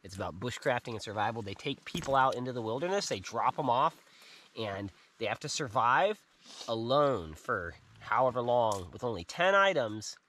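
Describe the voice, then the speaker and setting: A man's voice: medium pitch, expressive, moderate pace, fairly bright tone. A middle-aged man hosting a casual outdoor adventure vlog, upbeat and chatty, talking to viewers on a camping trip and mountain trail. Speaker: vlog host.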